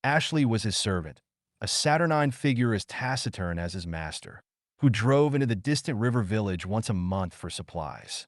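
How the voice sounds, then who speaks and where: A man narrating an audiobook in a measured, suspenseful storytelling manner. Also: lowish voice, animated, no room sound, studio quality.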